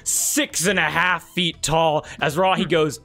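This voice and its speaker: A man with a bright, slightly high voice narrates a tabletop game as its game master. He talks loosely, with plenty of "like" and "uh", and quiet music plays behind him. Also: fairly even intonation, a little slow, gravelly. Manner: chatty, many fillers, voices characters in quotes.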